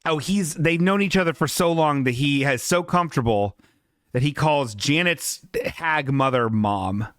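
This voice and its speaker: A man's voice: on the high side, unhurried, fairly bright tone, dry recording, studio quality. A man hosting a podcast, giving casual, sarcastic, profanity-laced live commentary on a TV show. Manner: sarcastic, profane, exasperated riffing. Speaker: podcast host.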